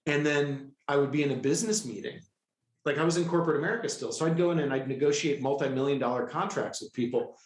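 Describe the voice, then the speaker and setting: A middle-aged man telling a personal story with excitable, animated energy, often breaking into quoted dialogue. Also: on the high side, quick pace. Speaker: guest, healer. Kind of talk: storytelling in a conversational interview. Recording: echoey room.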